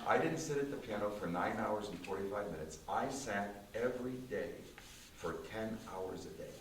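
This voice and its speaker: A man, a concert pianist, giving an emphatic church testimony with repetitive, dramatic slow phrasing, recorded in a small church. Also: fairly low pitch. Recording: roomy distant church recording with faint hiss.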